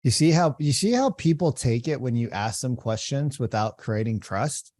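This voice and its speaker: On a dry recording, a man speaks at a moderate pace in an animated, mid-range voice that's a little mellow. He's a podcast host giving coaching commentary on sales calls, explaining technique, repeating phrases, and frequently asking "right?".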